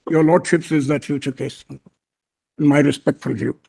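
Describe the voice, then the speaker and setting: A man with an Indian English accent argues before a court bench, his voice sitting fairly high for a man. He speaks in a deliberate, deferential way, repeatedly addressing the judges as he builds his legal point. The delivery is measured courtroom advocacy. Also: fairly even intonation, gravelly, a little mellow, husky.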